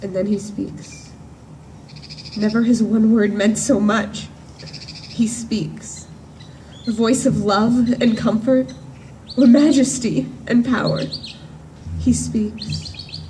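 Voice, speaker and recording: A woman in a church performing a monologue as a grief-stricken woman disciple at the empty tomb. She speaks earnestly and in measured phrases, with emphatic repetitions. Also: on the high side, steady tone, warm tone, a little hiss or hum. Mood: wondering. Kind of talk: dramatic first-person monologue. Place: church service at sunrise. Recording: distant voice with faint room ambience.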